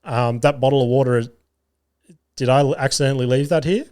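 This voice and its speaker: An Australian man hosting a podcast, telling a self-mocking story in a casual, animated way and swearing often. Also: medium pitch, fairly quick. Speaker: podcast host. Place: home garage studio.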